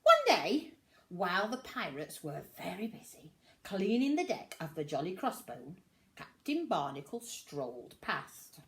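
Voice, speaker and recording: Animated older woman reading to children. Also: fairly low pitch. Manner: animated, expressive. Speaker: storyteller. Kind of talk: reading a picture book to children.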